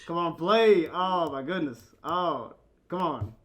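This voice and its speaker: A man's voice: fairly high pitch, lively intonation, slow, fairly bright tone. A man hosting his stream, talking playfully with a guest and reading chat, often stumbling over his words. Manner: playful, stammering restarts. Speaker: streamer host.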